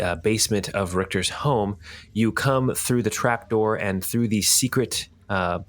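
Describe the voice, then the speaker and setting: A man narrating as game master of a tabletop game, rambling with many ums and uhs as he describes scenes. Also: lowish voice.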